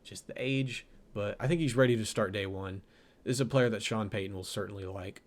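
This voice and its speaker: A man's voice: fairly low pitch, a little fast. Young guy rambling thru draft picks, lots of self-corrections, laughs at his own jokes. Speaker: draft analyst host. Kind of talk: casual mock draft commentary.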